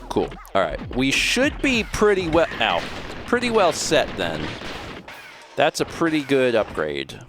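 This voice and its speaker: A man's voice: medium pitch, wildly swooping pitch, a little slow, music in the background. A young adult man giving casual gameplay commentary as a streamer, chatting to himself while he plays.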